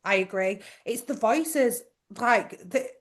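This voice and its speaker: A woman from Newcastle co-hosting a casual chat podcast, with a Geordie accent, agreeable and quick to laugh. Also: on the high side. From Newcastle, England. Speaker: podcast co-host.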